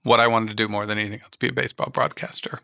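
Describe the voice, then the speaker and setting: Bright, joking male podcast co-host. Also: on the low side, flat delivery, very fast, creaky, dry recording, clean studio sound. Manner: joking, playful, with mock announcer delivery. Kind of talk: casual chat.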